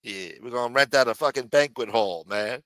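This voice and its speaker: New guy rambling on his livestream, cussing a lot, bright pushy voice. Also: medium pitch, a little fast, no room sound. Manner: rambling, profane, says "man" a lot. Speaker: livestream host. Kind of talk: casual livestream chat.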